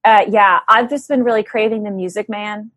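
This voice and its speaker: A woman's voice: medium pitch, fairly even intonation, moderate pace, a bit bright. A woman guesting on a podcast, chatting enthusiastically with friends. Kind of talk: casual group podcast chat.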